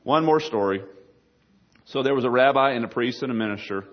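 A man preaching in a folksy, joking way, speaking directly to his listeners as he tells stories. His voice sits at an ordinary middle pitch. The recording is dull and lo-fi. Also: fairly quick. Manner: folksy, jokey, talks to the audience. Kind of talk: sermon with storytelling.

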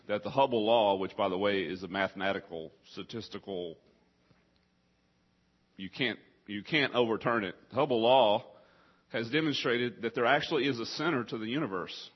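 Husky preacher with a cough. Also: male voice, fairly low pitch, lo-fi sound. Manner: coughing, choked up. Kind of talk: sermon.

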